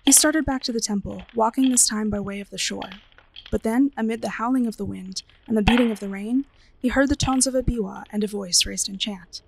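A woman librarian reading a ghost story aloud in an expressive, dramatic storytelling manner. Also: fairly high pitch, a little fast, gravelly, a little hiss or hum, low-quality recording.

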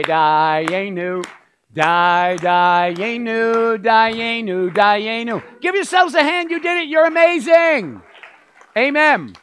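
High-voiced lively man teaching. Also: no echo. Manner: lively, chatty with the audience. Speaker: rabbi leading a Seder. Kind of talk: teaching at a Passover meal. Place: church fellowship hall.

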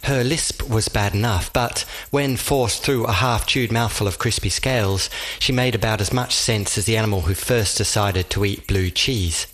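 A man reading a whimsical audiobook, narrating in a measured storytelling manner with dry humor. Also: fairly low pitch, fairly bright tone.

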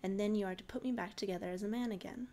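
A woman reading aloud and voicing a devoted magical porcelain horse that speaks calmly. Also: medium pitch, rapid-fire, lightly acted. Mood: earnest.

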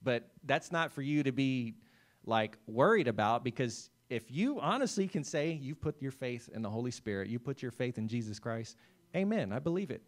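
A man's voice: medium pitch, animated, normal speed. Male pastor, midweek sermon; casual, talky delivery, lots of "right?" and "amen," speaks straight to the congregation. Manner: conversational preaching, addresses listeners by name, frequent "right?" and "amen". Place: church service.

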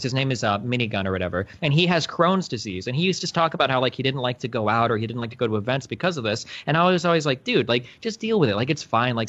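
A man co-hosting a podcast, telling profane stories in casual chat and breaking into animated outbursts. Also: mid-range voice, highs cut off. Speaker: podcast co-host.

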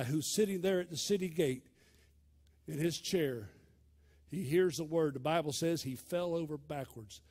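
A male pastor tells a scripture story from the pulpit with a raised, husky voice. His delivery is dramatic and storytelling, dropping from loud swells to hushed stretches. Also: a little high. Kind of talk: sermon.

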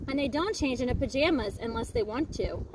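A woman reading a picture book aloud in a lively, expressive storytelling manner, outdoors by a lakefront. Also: fairly high pitch, brisk. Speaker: storybook reader. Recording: noisy outdoor recording.

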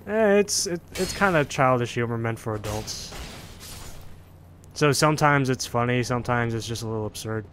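A man hosts a casual gameplay session, teasing his co-player and reacting excitably to the game. His voice sits in an ordinary mid range, with playful, quick banter. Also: mid-range voice, slight background noise. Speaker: host of a gameplay channel.

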